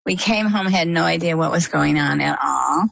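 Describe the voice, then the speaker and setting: A woman's voice: low voice, normal speed, gravelly. A woman telling her story as an interview guest, earnest and emphatic, acting out what people said to her along the way. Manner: animated storyteller who often acts out quoted dialogue. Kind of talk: conversational storytelling.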